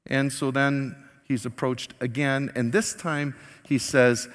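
A man's voice: medium pitch, measured pace. Preaching man in a reverberant hall. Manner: animated storytelling, acting out quoted lines. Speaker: pastor. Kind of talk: sermon.

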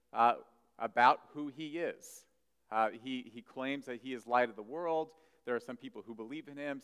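A man preaching a sermon, animated, swinging from loud emphasis to soft asides. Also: medium pitch, smooth. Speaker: pastor. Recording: long hall reverb.

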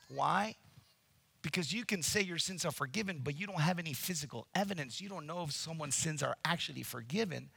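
A man preaching a sermon, animated, acting out scenes and addressing the congregation directly. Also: a little high, a little fast, gravelly, slightly rough, no room sound. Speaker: pastor.

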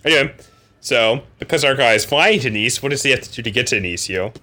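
A man co-hosting a book podcast in an easy, casual chat. His voice is bright and forward, and he jokes, laughs often and trails off into fillers. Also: medium pitch, lively intonation, fast. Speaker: podcast co-host. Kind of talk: casual chat about a novel.

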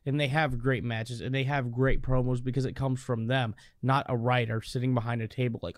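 A man's voice: medium pitch, little pitch movement, brisk, hardly any pauses, no room sound, studio quality. Opinionated man in casual chat. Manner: opinionated, stumbles over restarts.

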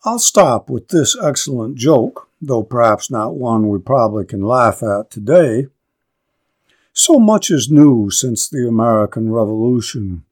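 A man lecturing on literature, reading a classic story aloud slowly and deliberately, then commenting on it. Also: mid-range voice, darkish tone.

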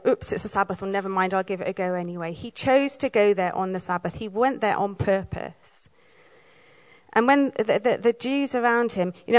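Woman from wales preaching, chatty and lively, acts out the bits she quotes. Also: fairly high pitch. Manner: lively storytelling, acts out quoted lines, laughs now and then. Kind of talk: sermon.

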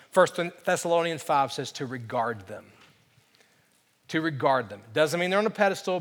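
A man's voice: fairly high pitch, a bit bright, in a large hall. A man preaching a sermon as pastor, earnest and emphatic, driving home key phrases by repeating them.

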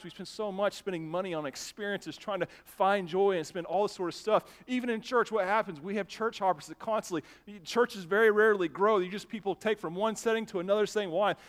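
A male pastor preaching an emphatic sermon to his church, later softening into a quiet invitation for the congregation to reflect. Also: high-pitched. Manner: emphatic preaching with rising intensity, then soft invitation.

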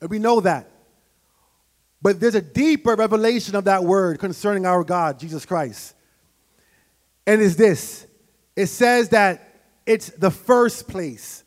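Preacher guy with a high voice, goes from quiet teaching to shouting, big church echo. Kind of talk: sermon. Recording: long hall reverb.

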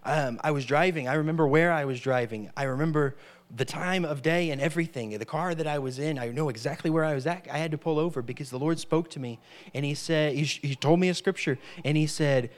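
Emphatic higher-voiced male preacher. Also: brisk. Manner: emphatic, repeats key phrases, frequent "amen". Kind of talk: sermon.

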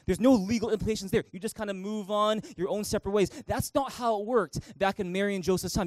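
A young man preaching a sermon as pastor in a church, animated and acting out the people he quotes. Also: high voice, no room sound, low-quality recording. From Canada. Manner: animated, acts out quoted voices.

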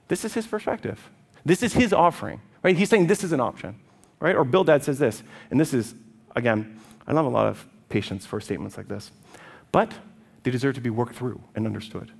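A man preaching a sermon in an animated, conversational way, often checking in with his listeners. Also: a little high, a little fast, gravelly.

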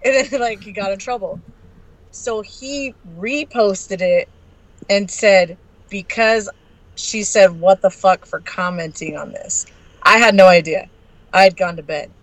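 A woman guest on a podcast, telling a story in a brash, profane and animated way. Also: medium pitch, unhurried, dry recording, low-quality recording. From Arizona.

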